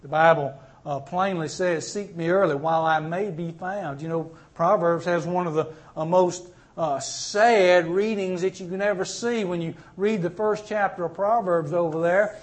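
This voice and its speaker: A man preaching a sermon, dropping to low murmurs and then rising to loud, pleading cries. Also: fairly even intonation, normal speed.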